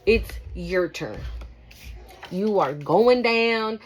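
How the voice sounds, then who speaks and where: A woman's voice: medium pitch, animated, drawn-out words, slight background noise, rough recording. A woman giving a casual tarot card reading to viewers, talking emphatically and repeating herself, with frequent swearing. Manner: emphatic, repetitive, profane, addresses viewers directly. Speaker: tarot reader.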